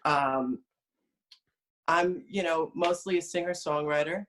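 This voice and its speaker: A man's voice: on the high side, slow, fairly bright tone, a little hiss or hum. A man from New Jersey, a singer-songwriter, chatting as a guest in an easygoing, friendly way over a video call. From New Jersey, USA.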